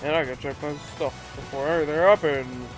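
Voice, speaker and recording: A teenage boy casually commenting on his video game play, goofy and excitable, swearing and breaking into silly shouts. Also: fairly high pitch, fast. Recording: loud game music under voice. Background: video game music.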